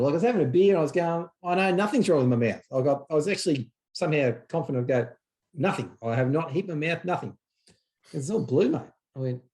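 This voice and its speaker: A man hosts a relaxed conversation, his voice a little higher than most men's. He talks in bursts of excitement and hammers his points with repetition. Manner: excited, emphatic storyteller who repeats himself. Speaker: podcast host. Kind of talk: casual chat.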